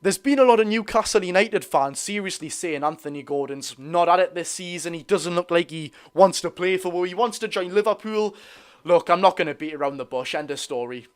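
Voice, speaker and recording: A young Geordie man chatting on a football livestream, his voice sitting a little high for a man. He talks loosely and easily, reads out viewer comments, and keeps calling his audience lads and lasses. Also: brisk, clear, resonant tone. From North East England. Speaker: football fan livestream host. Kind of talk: casual live watch-along chat.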